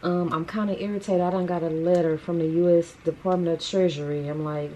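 Going about her day, a vlog host talks to the camera in a chatty, informal way sprinkled with Southern-style slang. Her lowish, dark-toned voice stays fairly even and brisk. A little hiss or hum can be heard.

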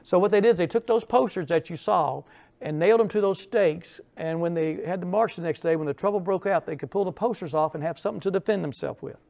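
In a lecture hall, an older man gives an informal local history talk with slides, telling it like a story and throwing in asides and questions for the audience. His voice is slightly high, gravelly and creaky, with a darkish tone, and he talks fast.

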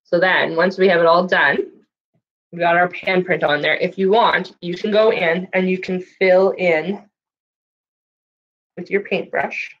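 A woman's voice: fairly low pitch, fairly even intonation, a little slow, pauses often, dull audio, slight background noise. A woman librarian reading a farm picture book aloud to young children, asking them questions, then leading a handprint painting craft. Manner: sing-song storytelling, asks children questions. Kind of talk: storytime read-aloud and craft lesson. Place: library, indoors.

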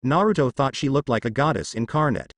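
A man narrating a fan-fiction story aloud in an animated way. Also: medium pitch, brisk, no echo, clean studio sound. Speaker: fanfiction narrator. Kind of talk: story reading.

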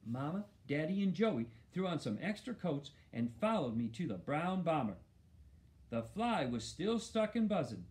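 Lively male storyteller. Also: on the high side, moderate pace. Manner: expressive first-person storytelling. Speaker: audiobook narrator. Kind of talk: storybook narration.

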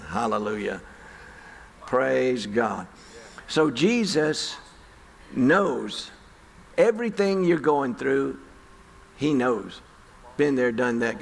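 Gravelly preacher in a reverberant hall. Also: male voice, mid-range voice. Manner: conversational storytelling, folksy. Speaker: pastor. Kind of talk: sermon. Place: church sanctuary.

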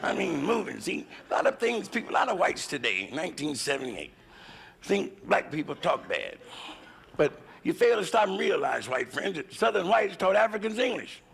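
A middle-aged man doing a raunchy stand-up routine on a comedy club stage with a handheld mic, drawling and swinging into loud shouted voices. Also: high voice, big pitch swings, moderate pace, vocal fry, breathy edge. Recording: loud hiss on an old live club recording.

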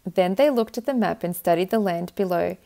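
A woman reading a children's picture book aloud with gentle, expressive narration. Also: on the low side, brisk, vocal fry. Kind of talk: storybook read-aloud.

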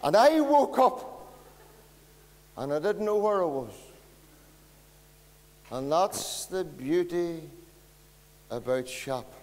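Slow, high-voiced Northern Irish pastor. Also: male voice, animated, darkish tone, in a large hall. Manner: folksy, chatty, addressing children. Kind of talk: storytelling sermon at a carol service. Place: church.

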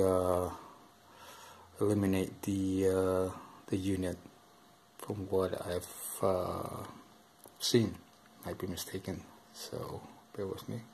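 A man reading a rulebook aloud in a halting, hesitant way, full of ums and uhs, filmed on a camera above the table. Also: fairly low pitch, a little mellow, slight background noise. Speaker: board game unboxing host. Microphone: camera filming over the table.

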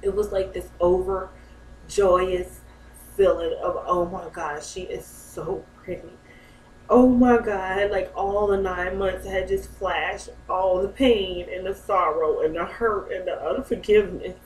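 A woman's voice: mid-range voice, fairly even intonation, takes it slowly. A young mother, talking about her new baby in a heartfelt, rambling way and often laughing. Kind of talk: emotional personal vlog. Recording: echoey room, mic a bit far.

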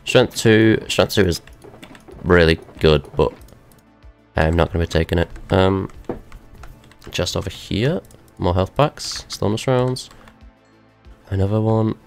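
A man's voice: deep voice, slow pace, creaky, pauses often, faint music behind. A young man giving rambling let's-play commentary to himself, with wry asides as he explores a game. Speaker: gaming video host.

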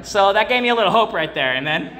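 A man's voice: high voice, expressive, fast talker. A young man preaching to a congregation. He tells a personal story in a rambling way, with many fillers and restarts, and calls out to the crowd. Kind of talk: church sermon with personal story.

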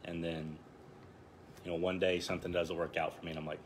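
A man in his thirties teaching a Bible passage in a relaxed, conversational way, joking at his own expense. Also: sits low, brisk, slight background noise. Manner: conversational, self-deprecating, chuckles often. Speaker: Bible study leader. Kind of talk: casual Bible study teaching.

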